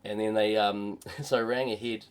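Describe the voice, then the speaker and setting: A man's voice: fairly low pitch, steady tone, normal speed, clean tone. A man who is a comedian, co-hosting a casual podcast and telling a long, rambling story with many fillers and restarts. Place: shed.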